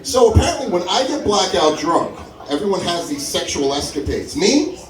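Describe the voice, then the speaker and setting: A man telling a stand-up story at a comedy club open mic, acting out the people he quotes with big jumps in his voice. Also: moderate pace. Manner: animated, acts out quotes with big pitch jumps. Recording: echoey room, mic from far, crowd audible. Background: audience laughing.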